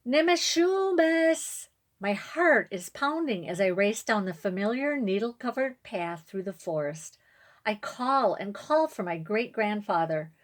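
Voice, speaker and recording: Gentle woman reading a picture book. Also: mid-range voice, expressive, unhurried. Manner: gentle, with asides to the audience. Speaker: storyteller reading to viewers.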